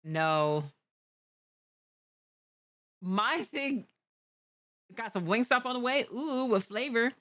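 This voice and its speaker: A woman streaming a reaction video, chatting casually with lots of slang and quick reactions. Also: fairly high pitch, expressive, fairly bright tone. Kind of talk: casual chat.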